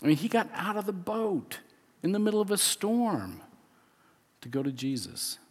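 A man's voice: sits high, very animated, normal speed, a little mellow, breathy edge, big-room sound. A man preaching a sermon in a conversational way, often restarting and chuckling as he explains scripture. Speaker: pastor.

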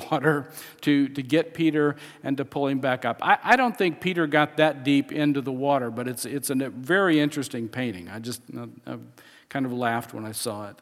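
Guy preaching a sermon, chatty, keeps restarting, lots of echo in a big hall. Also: on the high side. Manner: conversational preaching with frequent restarts and chuckles. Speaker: pastor.

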